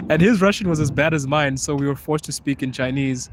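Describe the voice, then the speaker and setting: A young man from Zimbabwe hosts a live chat as a podcaster, casually answering viewers in a mid-range voice at normal speed with frequent pauses. He laughs often and switches among English, Chinese and Russian, with slight background noise.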